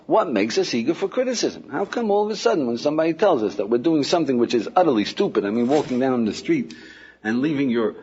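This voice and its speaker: Husky guy giving a rabbi's class, chatty, keeps saying right? yeah?, muffled old tape. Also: medium pitch. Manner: lively, acts out everyday scenes. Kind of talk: informal lecture. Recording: dull lo-fi lecture recording.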